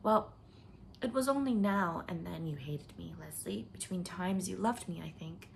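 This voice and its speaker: A woman voicing a calm young wife who soothes her friend softly. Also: on the low side, normal speed, gravelly, a little hiss or hum. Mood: gentle. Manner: soft and soothing.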